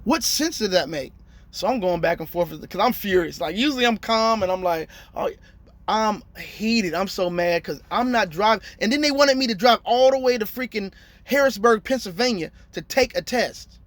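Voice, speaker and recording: A man's voice: high-pitched, animated, moderate pace, a bit bright, no room sound. A man in his thirties, a truck driver telling a story in a casual, slangy vlog and acting out his phone calls.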